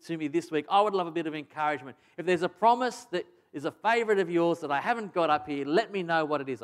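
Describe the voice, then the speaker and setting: A pastor preaching a sermon to his church, earnest and emphatic, repeating phrases for stress. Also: fairly high pitch. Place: church service.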